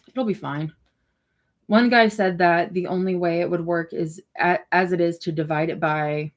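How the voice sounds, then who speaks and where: A woman with a mid-range voice hosts a relaxed livestream, reacting to comments as they come in. She talks in a loose, rambling way, full of fillers and quick asides. Her delivery is animated, with occasional swearing. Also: medium pitch. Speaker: livestream host. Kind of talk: casual livestream chat reacting to viewer comments.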